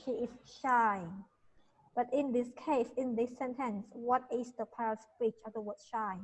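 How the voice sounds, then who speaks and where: English teacher drilling pronunciation. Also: female voice, fairly high pitch, fairly even intonation, measured pace, in a large hall, rough recording. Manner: corrects and drills pronunciation, asks questions. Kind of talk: online class teaching pronunciation. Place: video call.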